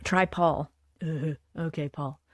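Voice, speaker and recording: Her voice is low-pitched and steady, her pace slow, with slight background noise. As a puppet builder hosting a livestream demonstration, she talks casually, thinks out loud, and lets sentences fade into murmurs.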